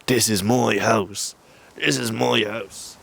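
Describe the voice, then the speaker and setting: A man's voice: fairly low pitch, steady tone, slow pace, gravelly, fairly bright tone, husky, no echo, heavily acted. A young man voicing a stubborn, confused old male intruder with a Dublin accent, insistent and repeating himself.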